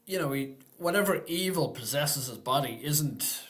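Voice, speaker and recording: A man's voice: a little high, animated, moderate pace, a bit bright. A man hosting a casual live-stream Q&A, talking in an easygoing, rambling way and thinking aloud.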